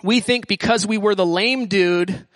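A man's voice: sits high, a little slow, a bit bright, no room sound. A man preaching as a student pastor in a casual, slangy style, often acting out what people in the story say. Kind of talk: sermon.

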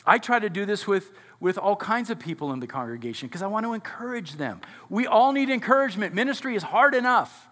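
Bright-voiced pastor preaching in a reverberant church. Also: male voice, high-pitched, sing-song, a little fast, hardly any pauses. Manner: conversational, asks the congregation questions. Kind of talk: sermon. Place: church sanctuary before a congregation.

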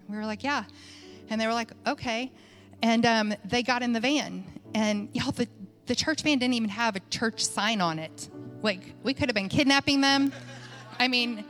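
A woman's voice: on the high side, a bit bright. Chatty woman telling a sermon story. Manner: chatty, conversational, many fillers and restarts. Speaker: church speaker. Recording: faint music behind.

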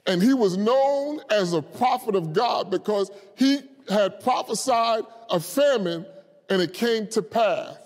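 Man preaching slow n fired up, real high voice, big echoey church. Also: lively intonation. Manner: impassioned preaching, rising to shouts at climaxes. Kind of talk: sermon. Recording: long hall reverb.

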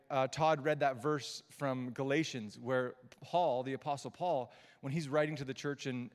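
Chatty preacher in a big reverberant church. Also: male voice, a little high. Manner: warm, chatty, often restarts mid-sentence; gushing and excitable when reacting. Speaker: guest preacher. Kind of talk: casual conversational sermon. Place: church service with live congregation. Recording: long reverb of a church sanctuary.

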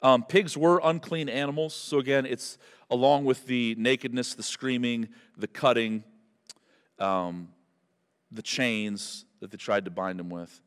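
Male pastor, mid-pitched, animated sermon storyteller with a long hall echo. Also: a little slow, clear, resonant tone. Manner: animated storyteller, builds to loud emphatic peaks. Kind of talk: expository sermon.

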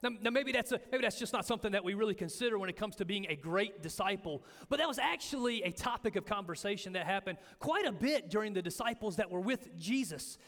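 Male pastor, high voice, lively storyteller, long reverb from a big echoey hall. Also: quick pace, few pauses. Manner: animated storytelling, acting out quotes. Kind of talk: sermon.

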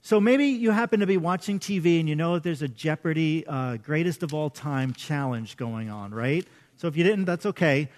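A middle-aged male pastor preaching to his congregation, animated and interactive, quizzing the audience. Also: on the high side, moderate pace. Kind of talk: sermon. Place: church service.

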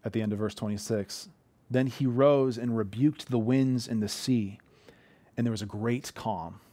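A man's voice: medium pitch, steady tone, moderate pace, warm tone, dry recording. A man in his thirties preaching an earnest, conversational sermon from a living room, often restarting his sentences. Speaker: pastor.

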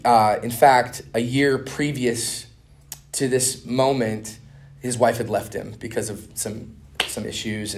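A middle-aged man teaching a conference class on evangelism, talking fast and animated, full of "man" and "dude.". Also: medium pitch. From Minnesota. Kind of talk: casual conference teaching with stories.

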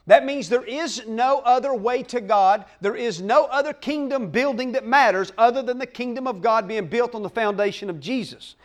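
A male pastor delivers a sermon in a very high-pitched voice. He preaches emphatically in plain, folksy speech and keeps checking in with his listeners. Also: moderate pace, few pauses. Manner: emphatic preaching with call-outs to the congregation.

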